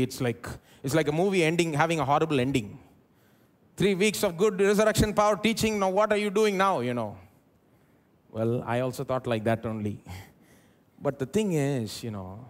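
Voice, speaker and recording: A man preaching a sermon in an Indian English accent, his fairly high voice rising and falling widely. He moves between loud, stressed lines and quiet, dropped asides, recorded during a live church service. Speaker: pastor.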